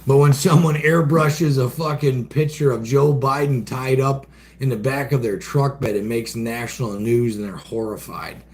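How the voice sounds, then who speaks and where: A man's voice: medium pitch, steady tone, normal speed, darkish tone. Profane folksy man ranting on a livestream. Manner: profane, folksy, rants and reacts to chat. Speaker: livestream host reading chat. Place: outdoor shed with door open.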